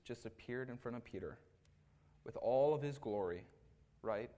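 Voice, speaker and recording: At a moderate pace and mid-range pitch, pausing often, a man who is an assistant pastor gives a sermon that sounds like conversation. Casual asides, repeated "right?" tags, and animated acting-out of the people he describes run throughout.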